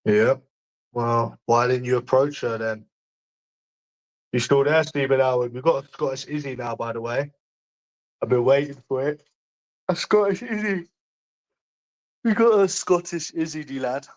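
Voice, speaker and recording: A man's voice: medium pitch, unhurried, pauses often, rough recording. A man with a London accent chatting casually to viewers on a livestream, blunt and mocking, swearing often.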